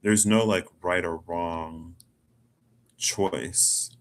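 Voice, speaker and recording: A man with a deep voice speaks very slowly and steadily while casually reading tarot for himself. He rambles in a musing, chatty way, with frequent "like."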